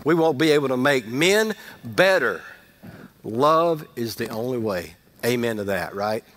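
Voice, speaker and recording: A middle-aged male pastor giving a conversational sermon, rising to loud emphasis and dropping to quiet asides. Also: mid-range voice, expressive, a little slow.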